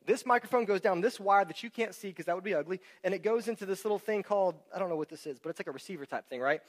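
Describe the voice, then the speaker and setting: A man preaching a sermon in a church, speaking into a microphone. He explains things in an animated way and keeps asking the congregation rhetorical questions. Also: high voice, racing. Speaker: pastor. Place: church hall with sound system. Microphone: handheld or stand microphone.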